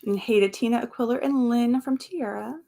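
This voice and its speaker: A woman's voice: on the high side, a little fast, vocal fry, mellow. Chatty woman hosting a live stream. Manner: chatty, laughs often, trails off into asides. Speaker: livestream host. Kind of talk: casual chat reading viewer comments aloud.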